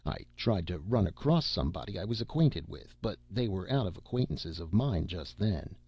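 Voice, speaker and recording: A man's voice: sits low, sing-song, moderate pace, warm tone, breathy edge, dry recording, lo-fi sound. A man reading a classic satire aloud in a folksy first-person storytelling manner with rustic grammar. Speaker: narrator.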